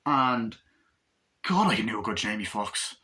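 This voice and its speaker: A young man talks his way through a film review in a loose, rambling flow, cursing often. His voice has a bright, forward edge. He keeps breaking into quick acted-out bits of the scenes he describes. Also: on the low side, lively intonation. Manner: rambling, profane, acts out scenes. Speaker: movie reviewer.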